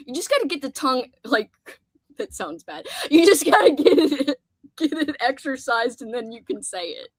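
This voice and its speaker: A woman's voice: high-pitched, expressive, normal speed, dry recording. A young woman hosting a casual livestream, chatty and giggly, reading out chat messages and laughing often. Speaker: livestream host.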